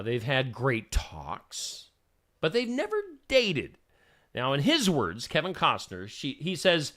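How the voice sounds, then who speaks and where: A man runs through the day's headlines in a chatty news-roundup style and drops opinionated asides between stories. His voice sits a little high and swings up and down with animated energy. The tone is bright and forceful. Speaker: host.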